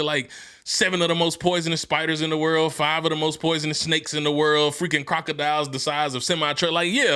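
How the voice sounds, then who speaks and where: A man hosting a motivational podcast, talking in casual slang and laughing often, building from easygoing storytelling into shouted, fired-up preaching. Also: on the high side. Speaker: podcast host and motivational speaker.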